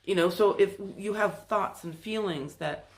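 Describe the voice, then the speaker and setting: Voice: mid-range voice, measured pace, creaky. A host of a spiritual self-help channel, talking in a casual, rambling monologue with loose phrasing and restarts. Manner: acts out quoted voices in passing.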